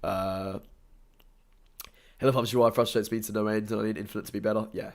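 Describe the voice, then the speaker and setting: A man's voice: on the low side, steady tone, brisk. A young Australian man with a stuffy nose, rambling casually on a live stream and thanking his viewers. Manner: rambling, chatty, upbeat, thanks viewers often.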